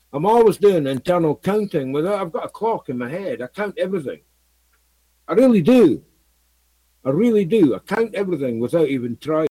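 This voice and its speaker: A man's voice: a little high, mellow, husky, no echo, low-quality recording. A man from Scotland talking to his viewers in a rambling, repetitive monologue full of fillers. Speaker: video blogger. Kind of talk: casual monologue to camera.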